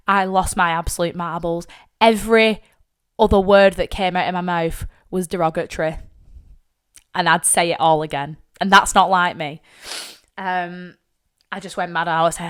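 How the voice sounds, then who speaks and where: A woman's voice: lowish voice, clear, resonant tone. A young woman, hosting a podcast, telling a personal story bluntly and with frequent swearing, tearful at times. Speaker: podcast host.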